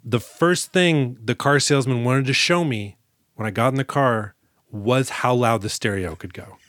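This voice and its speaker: A male podcast co-host in a loose, joking chat. He retells film scenes with comic asides and quick put-on voices. His voice sits at a middle pitch, and the sound is dead dry. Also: fairly bright tone, no echo. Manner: joking storyteller, acts out scenes, swears freely. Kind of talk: casual movie-recap chat.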